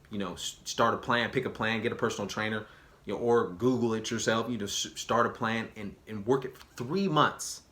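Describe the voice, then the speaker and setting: A man's voice: on the low side, bright, forceful tone. A man talking straight to camera on his own channel in a casual, slangy, emphatic way. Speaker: vlogger. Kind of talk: casual direct-to-camera talk.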